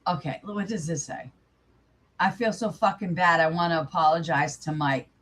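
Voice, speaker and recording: A woman's voice: lowish voice, moderate pace, a bit bright. A young woman hosting her channel, casually commenting live in an angry, profane, rambling way. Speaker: channel host.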